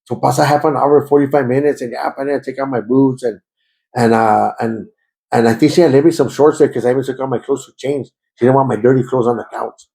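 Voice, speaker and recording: Gravelly man. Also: medium pitch, steady tone, fast, dark tone, rough recording. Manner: emotional, repetitive, switches into Spanish. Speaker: interviewee giving testimony. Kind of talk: conversational personal testimony.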